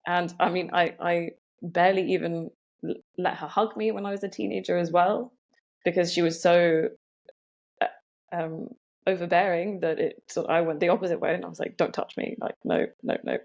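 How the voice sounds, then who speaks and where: A woman's voice: lowish voice, steady tone, normal speed, vocal fry, a little mellow, highs cut off. A young woman telling a personal story as a podcast guest, reflective and full of "um" and "like". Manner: reflective, many "um" and "like" fillers.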